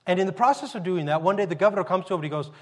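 High-voiced male pastor in echoing hall. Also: racing. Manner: conversational, animated storytelling with frequent restarts. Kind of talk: sermon.

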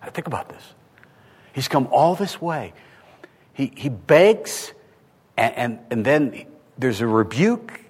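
A man preaching a sermon, animated, asking rhetorical questions and swinging from hushed tones to loud. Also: medium pitch, slightly rough. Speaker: pastor. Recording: long hall reverb.

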